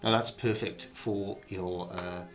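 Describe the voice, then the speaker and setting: A man's voice: sits low, fairly even intonation, slow, over music. A middle-aged man hosting a comic monologue of acting advice, rambling and hesitant with a theatrical flair.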